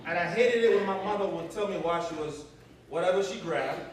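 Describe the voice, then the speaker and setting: A man preaching a call-and-response sermon, animated, stopping so the congregation fills in the words. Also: sits high, a little fast. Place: church sanctuary with congregation. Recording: echoey church from far off, crowd.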